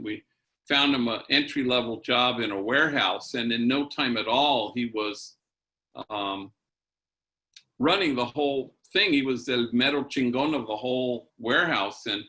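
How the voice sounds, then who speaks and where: Bright-voiced priest telling a story. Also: male voice, mid-range voice. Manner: unhurried storytelling with fillers, mixing in Spanish slang. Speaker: priest giving a keynote talk. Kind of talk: storytelling keynote talk.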